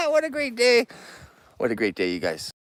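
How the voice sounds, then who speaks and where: A man's voice: very high-pitched, huge pitch swings, takes it slowly, fairly bright tone, no room sound. A man hosting a livestream from his yard, joking and chatting playfully with viewers. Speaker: livestream host. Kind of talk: casual live chat to viewers.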